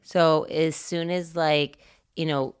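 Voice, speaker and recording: A woman's voice: sits low, level tone, takes it slowly, clear, resonant tone. A middle-aged woman co-hosting a parenting podcast, earnest and confident, giving advice in long flowing run-on thoughts. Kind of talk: casual conversational advice.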